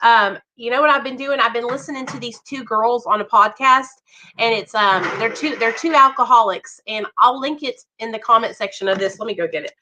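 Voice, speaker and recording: A young woman chatting warmly with viewers on a livestream, greeting them by name. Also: a little high, a little fast, a little hiss or hum, poor audio. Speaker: livestream host. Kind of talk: casual livestream chat.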